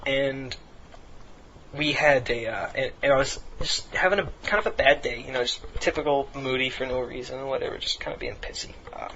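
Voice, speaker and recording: A teenage male game commentator with a bright, forward voice tells a rambling, casual story and swears offhandedly along the way. The recording is dull and lo-fi, with a faint hiss underneath. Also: mid-range voice, moderate pace. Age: late teens.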